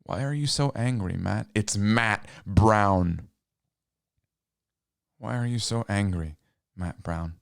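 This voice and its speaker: A man's voice: on the low side, slow pace, gravelly, pauses often, no room sound, studio quality. A man voicing a hurt young woman who asks plaintive, wounded questions.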